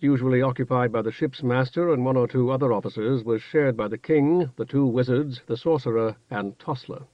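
A man narrating a fantasy novel in a measured, even storytelling manner. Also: mid-range voice, dry recording. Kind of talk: audiobook narration. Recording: dull, dry studio recording.

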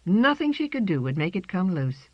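Woman reading a kids' story aloud, low voice, super expressive, dry kinda dull recording. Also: no echo. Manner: slow, lilting reading. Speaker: narrator. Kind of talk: storybook narration.

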